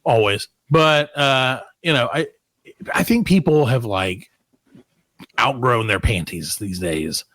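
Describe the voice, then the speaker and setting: A man's voice: mid-range voice, expressive, slow pace, fairly bright tone, no echo. A man hosting a casual comedy podcast, rambling and swearing as he reads out odd news with asides. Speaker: podcast host.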